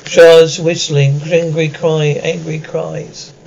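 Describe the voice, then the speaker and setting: A man narrating, reading out descriptions of sounds in a flat listing manner. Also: a little high, slow, vocal fry, dull audio.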